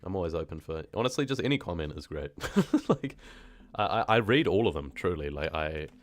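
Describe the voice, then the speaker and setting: Deep-voiced New man chatting. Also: fairly quick, dry recording. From New Zealand. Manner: relaxed, rambling, laughs easily. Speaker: horror story narrator and streamer. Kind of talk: casual live-stream chat with viewers.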